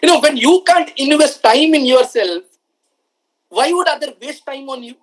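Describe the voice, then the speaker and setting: A man's voice: extremely high pitch, normal speed, rough recording. A man giving a motivational talk to students through a handheld microphone. He repeats phrases for emphasis and asks the audience questions. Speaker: motivational speaker.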